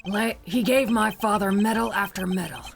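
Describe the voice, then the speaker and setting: A woman voicing a proud, gruff male special agent from a video game, speaking low and clipped. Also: normal speed, faint music behind, natural voice.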